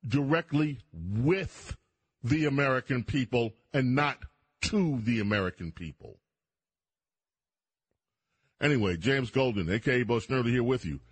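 Husky, animated radio host man. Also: medium pitch. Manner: emphatic, addresses listeners directly. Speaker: radio talk show host. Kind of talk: talk radio monologue.

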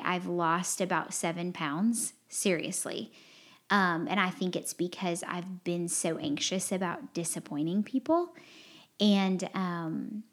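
Earnest, rambling woman podcast host. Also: on the low side. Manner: earnest, rambling, heartfelt, with frequent fillers. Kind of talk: candid confessional podcast chat.

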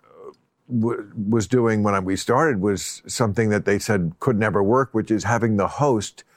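A man in his sixties hosting a casual talk show conversation, blunt and wry, pushing back with quick restarts. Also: fairly low pitch, no echo, clean studio sound.

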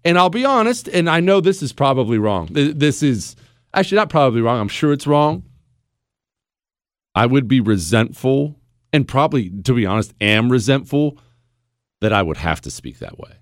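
A man's voice: medium pitch, sing-song, moderate pace, dry recording. A man hosting a talk radio show, speaking bluntly and sarcastically in a studio. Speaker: radio host. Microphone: studio microphone.

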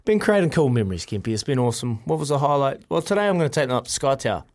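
A New Zealand man co-hosting a breakfast radio show in a studio, telling relaxed childhood stories with fillers and laughs. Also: mid-range voice, very fast. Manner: laid-back storytelling with frequent laughs and fillers. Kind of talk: casual radio banter.

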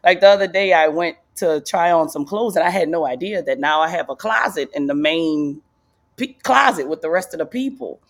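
A woman comedian being interviewed in a casual podcast chat, loose and rambling, leaping into high excited voices when she quotes people. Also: brisk. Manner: loose, rambling delivery with restarts. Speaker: guest comedian.

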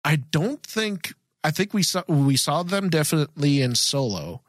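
Excited rambling man, higher voice. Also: moderate pace, no room sound. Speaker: podcast co-host. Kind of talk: casual chat.

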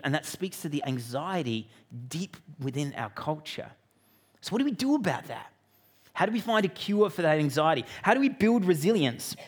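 An Australian man giving a sermon as a pastor, telling a family story with joking asides to the congregation. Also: fairly high pitch. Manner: lively, joking asides to the audience.

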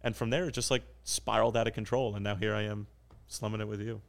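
A man's voice: on the low side, level tone, vocal fry. A man in his twenties, a soccer play-by-play commentator, telling stories in a casual, self-deprecating podcast chat. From New Jersey. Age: 20s. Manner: fast, joking, self-deprecating storyteller.

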